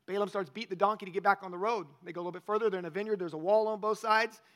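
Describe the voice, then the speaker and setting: High-voiced male pastor preaching. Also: steady tone, rapid-fire, a bit bright. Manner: conversational, asks the congregation questions. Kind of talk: sermon.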